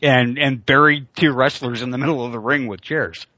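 A man's voice: medium pitch, moderate pace, sharp tone, dry recording. A man hosting a podcast in casual chat, laid-back, with hesitant fillers and chuckles. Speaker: podcast host. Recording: dry, dull lo-fi recording.

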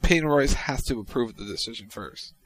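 A man co-hosting a chatty podcast, working through tweets and headlines with a dry, deadpan wit. His voice sits at a middling pitch and he reads quotes flatly for comic effect. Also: fairly quick, dry recording, low-quality recording. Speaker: podcast co-host. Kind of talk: casual chat reading tweets.

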